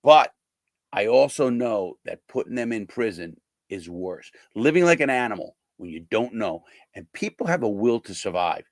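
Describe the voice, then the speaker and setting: A man's voice: on the low side, expressive, moderate pace, no room sound. An older man, a former prisoner, talking bluntly and casually to his viewers, swearing and acting out the people he quotes.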